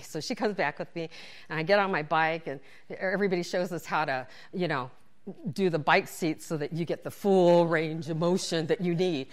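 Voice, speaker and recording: A woman telling a personal story in a lively way, acting out her own thoughts and her friends' lines with frequent laughter. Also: on the low side, a little fast.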